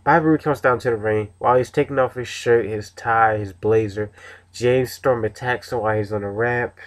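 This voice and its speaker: Male reviewer, mid-pitched, loose and rambling, casual recap. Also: steady tone, moderate pace. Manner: rambling, many restarts and fillers. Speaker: wrestling show reviewer.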